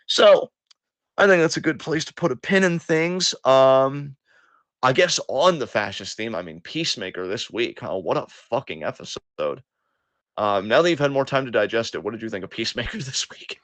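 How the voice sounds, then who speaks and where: Expressive and fairly bright, the co-host's medium-pitched voice moves at a moderate pace with no echo. He's on an impassioned, profanity-heavy rant that at times pokes fun at himself.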